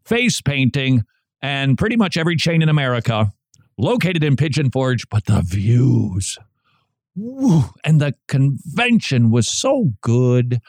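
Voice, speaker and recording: Animated male talk radio host. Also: fairly high pitch, no echo, clean studio sound. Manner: animated, jokey, acts out quoted chatter.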